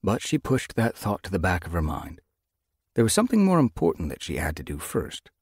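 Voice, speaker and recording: A man narrating an audiobook in a measured storytelling manner. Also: low-pitched, wildly swooping pitch, darkish tone, husky, no echo, studio quality. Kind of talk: scripted narration.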